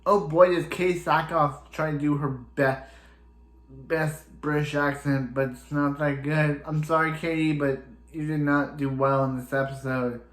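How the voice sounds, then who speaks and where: A man's voice: mid-range voice, fairly bright tone, roomy sound. A man casually recapping and reviewing a TV episode, rambling and opinionated, with lots of restarts. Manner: rambling, chatty, leans on "he's like" and restarts; openly opinionated and exasperated about a character.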